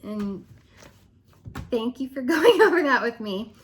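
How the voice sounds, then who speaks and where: Animated woman with a higher voice. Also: slow pace, a little hiss or hum. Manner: animated, laughs often, drops to dramatic whispers. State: losing her voice. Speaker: direct-sales consultant. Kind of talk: casual vlog rant.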